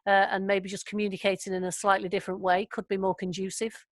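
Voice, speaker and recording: A woman's voice: mid-range voice, flat delivery, fast, dry recording. A woman leading an online training session over a video call, chatty and affirming. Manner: chatty, affirming, laughs often. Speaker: workshop facilitator.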